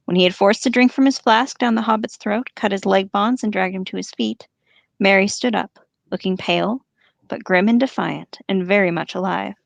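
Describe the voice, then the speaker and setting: A woman with a mid-range voice reads a long novel aloud for her podcast, adding commentary and staying steady and engaged. She is animated, laughs easily, and has a gravelly fry at the edges of her voice. She speaks at normal speed, and the dry, close sound has no room echo.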